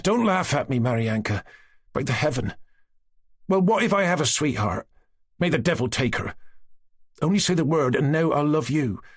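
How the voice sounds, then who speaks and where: A man voicing a young male Cossack suitor who pleads earnestly, with a lively, husky voice. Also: on the high side, moderate pace, pauses often, pitched above the performer's own voice. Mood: pleading.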